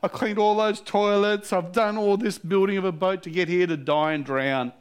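A man's voice: high-pitched, fairly even intonation, moderate pace, smooth, pitched above the performer's own voice, natural voice. A preacher acting out a desperate man at sea who pleads and complains to God in a raised, strained voice. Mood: pleading.

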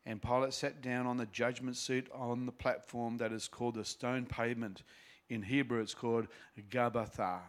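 A man's voice: medium pitch, flat delivery, moderate pace. A man reading a Bible passage aloud and breaking off into casual, explanatory teaching asides. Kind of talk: scripture reading with commentary.

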